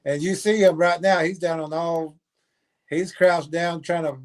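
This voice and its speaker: Man, reaction livestream co-host, casual chat, slightly high voice, laughs a lot, teasing. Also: steady tone, measured pace. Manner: laughs often, repeats clips mockingly.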